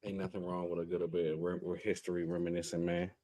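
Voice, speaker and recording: Lower-voiced man in slangy banter. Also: flat delivery, fast, dark tone. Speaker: podcast co-host. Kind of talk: casual sports chat.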